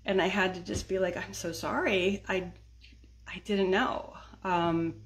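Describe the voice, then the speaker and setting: A middle-aged woman with a fairly low voice, fairly even intonation, and a slightly slow pace vlogs casually about decluttering. Between lines she laughs, and she keeps looping viewers in with "right?" and "okay?"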